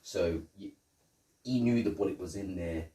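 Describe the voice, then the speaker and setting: A man's voice: low voice, normal speed, dark tone. A man co-hosting a casual film review podcast, chatty and acting out movie dialogue. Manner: chatty, acts out movie dialogue, laughs often. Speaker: podcast co-host. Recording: roomy echo, mic at a distance.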